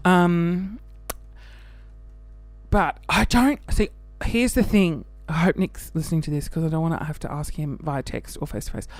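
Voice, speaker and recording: A man's voice: a little high, no room sound. A man with an Australian accent, chatting animatedly and camply, hosting his own show. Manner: chatty and animated, camp, laughing, with quick bursts of mock voices. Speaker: podcast host. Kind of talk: casual chat.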